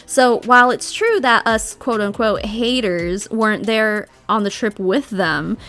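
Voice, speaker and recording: A woman's voice: mid-range voice, fairly bright tone. A woman narrating a scripted commentary video in a sardonic, critical manner.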